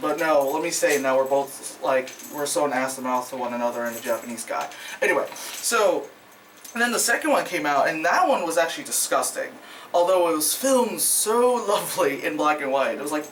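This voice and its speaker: Reviewing a movie casually, a vlogger rambles, swears freely, laughs often and stuffs every pause with "like" and "you know." The mid-pitched, slightly bright voice is lively and a little fast, and it sounds far from the microphone. A faint hiss of background noise runs underneath.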